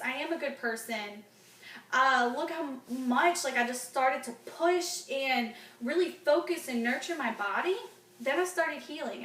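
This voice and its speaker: A woman's voice: sits high, a bit bright, echoey room, far from the mic, rough recording. A woman in her twenties talking openly and emotionally to the camera in a casual vlog, with many fillers. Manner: open, emotional, chatty with fillers like "like" and "um". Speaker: fitness vlogger.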